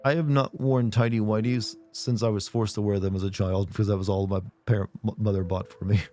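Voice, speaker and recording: A man streaming a game, chatting casually and joking, his voice hoarse from being sick. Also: lowish voice, level tone, dark tone, faint music behind. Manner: joking, chatty, quick laughs. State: hoarse from illness.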